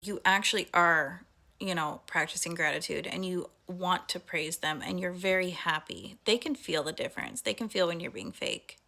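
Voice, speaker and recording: A woman's voice: on the low side, normal speed, vocal fry, sharp tone. A young adult woman talking through a heartfelt personal monologue, chatty and full of fillers. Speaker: vlogger.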